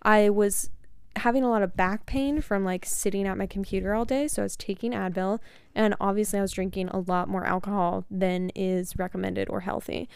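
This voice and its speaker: A woman's voice: mid-range voice, fairly even intonation, brisk, gravelly, clear, resonant tone, no room sound. A woman co-hosting a casual podcast from a bedroom. She is chatty, laughs a lot and likes to tease. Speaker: podcast co-host. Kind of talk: casual chat. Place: bedroom, close to the mic.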